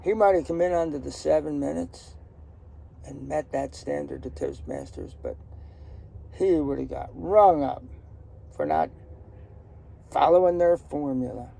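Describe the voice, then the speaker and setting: Gravelly older man telling stories. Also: a little high, animated, a little slow, pauses often, warm tone. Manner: rambling, joking, outspoken. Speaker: storyteller. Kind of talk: casual personal storytelling. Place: outdoors in a garden.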